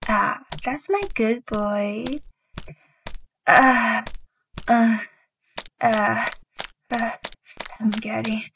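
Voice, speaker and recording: A woman acting as a dominant partner in an intimate audio role-play, giving orders in a teasing, commanding tone. Her delivery is very slow and drawn out, her voice sits slightly high, and breathy moans slip in between lines, with a faint hiss of noise underneath. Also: fairly even intonation, a bit bright, exaggerated voice.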